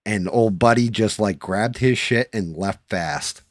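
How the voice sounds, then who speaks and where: A man's voice: lowish voice, a little slow, dry recording, clean studio sound. A man, telling a profane story in casual chat as a streamer host.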